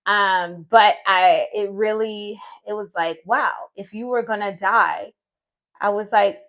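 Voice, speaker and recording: A woman's voice: medium pitch, steady tone, takes it slowly, fairly bright tone, highs cut off. A woman in her thirties, a vlogger and retreat host, telling her own story in a chatty, heartfelt way and sometimes voicing her own past thoughts. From United States. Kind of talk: casual personal storytelling vlog.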